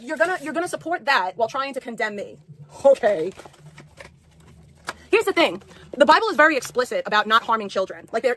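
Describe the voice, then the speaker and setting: A woman's voice: high-pitched, fairly bright tone. A woman livestreaming an angry rant, profane and repeating herself.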